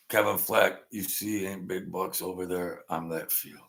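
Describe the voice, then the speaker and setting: A man's voice: deep voice, slow pace, creaky, a bit bright. A man in his sixties hosting his own channel, rambling through a casual monologue in a chatty, self-mocking way and chuckling often. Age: 60s. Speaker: channel host.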